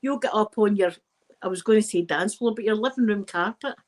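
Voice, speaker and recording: A Scottish woman hosting a casual live stream, chatting to her viewers in a rambling, lively way with plenty of asides. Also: medium pitch, a little fast, low-quality recording. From Scotland.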